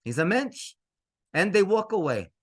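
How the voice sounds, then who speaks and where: Animated higher-voiced rabbi telling a story. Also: male voice, unhurried. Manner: animated, mixes in Hebrew phrases, laughs between lines. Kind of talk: storytelling to an audience.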